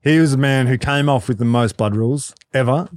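Relaxed Australian man, dry sound. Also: mid-range voice, a little fast, no echo. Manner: relaxed, hesitant, with fillers. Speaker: guest. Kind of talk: casual chat.

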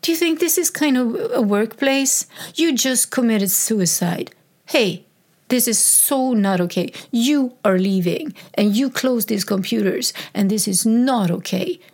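A woman's voice: a little high, drawn-out words, few pauses, dark tone, exaggerated voice. A woman reenacting a harsh, angry female psychiatric ward doctor who scolds and swears. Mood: furious scolding.

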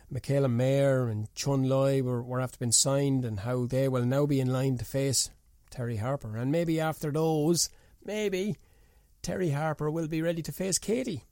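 A man's voice: dry recording, clean studio sound. A man delivering an opinionated boxing monologue, ranting indignantly with rhetorical questions. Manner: indignant, rhetorical ranting with sharp pitch jumps. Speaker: boxing pundit.

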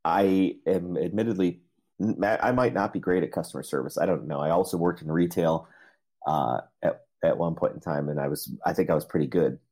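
A middle-aged man with a very low, husky voice tells stories in a relaxed, meandering way. He pokes fun at himself and chuckles as he goes. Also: a little fast. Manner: rambling, self-deprecating, laughs often. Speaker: interview guest, entrepreneur. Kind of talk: casual storytelling interview.

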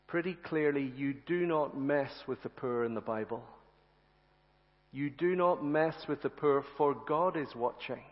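A man delivers a sermon to his congregation, earnest and full of rhetorical questions and repeated phrases. His voice sits a bit high and carries a long reverb from the church hall. The recording sounds slightly dull and muffled. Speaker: preacher. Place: church sanctuary.

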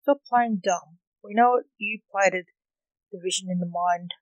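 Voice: mid-range voice, a little slow, dry recording, muffled recording, close to an everyday voice. A reader playing a stern male magician.

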